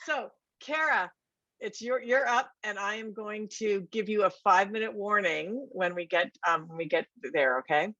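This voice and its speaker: A woman's voice: medium pitch, normal speed, sharp tone, no echo. A woman instructor moderating thesis presentations over a video call, gushing with praise. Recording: dull dry video call audio.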